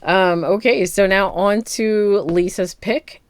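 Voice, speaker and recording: A woman's voice: medium pitch, slow pace, clear, resonant tone, no echo, clean studio sound. A woman co-hosting a podcast, rambling playfully through movie picks and laughing often. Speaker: podcast co-host. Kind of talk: casual chat.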